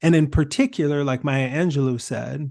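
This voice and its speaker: A man speaking as a podcast guest, telling stories in an emphatic, animated way. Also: on the high side, moderate pace, creaky, dry recording, studio quality. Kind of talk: conversational discussion.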